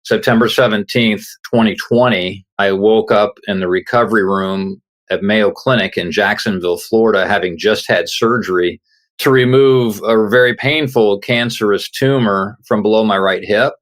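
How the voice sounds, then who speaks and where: A middle-aged man with a slightly low voice tells his story as an interview guest. He is earnest and conversational, and he plays out the quoted lines of the people he met. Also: moderate pace, fairly bright tone. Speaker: guest, author. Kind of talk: telling a personal story in an interview.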